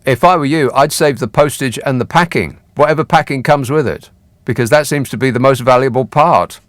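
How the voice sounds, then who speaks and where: A man's voice: medium pitch, a little fast, dry recording. A man hosting a radio phone-in show, talking in a dry, sarcastic, teasing way. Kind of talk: late-night radio phone-in chat. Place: radio studio. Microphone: studio microphone.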